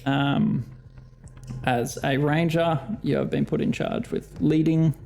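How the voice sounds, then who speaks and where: An Australian man narrating as dungeon master of a tabletop game, relaxed and hesitant with frequent ums. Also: fairly high pitch, slow, creaky.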